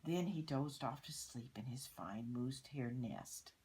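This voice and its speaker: An older woman reading a picture book aloud to children, pausing to point out the pictures. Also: very deep voice, lively intonation, darkish tone, husky, rough recording. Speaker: storyteller.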